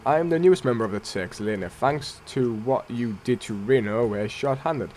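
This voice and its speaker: A man reading aloud the lines of an eager young female agent recruit from a game, in a flat read-aloud delivery. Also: mid-range voice, moderate pace, soft background music, close to an everyday voice.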